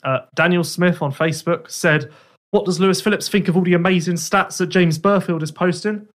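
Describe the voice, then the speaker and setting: A man's voice: sits high, fairly even intonation, brisk. A young man co-hosting a podcast, reading out listener questions and answering with dry, teasing asides. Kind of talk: casual chat.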